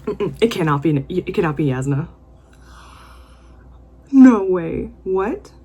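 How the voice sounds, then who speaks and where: A woman's voice: low-pitched, lively intonation, normal speed, a little mellow, husky. A young woman vlogging her reactions while reading, talking in an emotional, gushing and exclamatory way. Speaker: book vlogger. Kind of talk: reading vlog commentary.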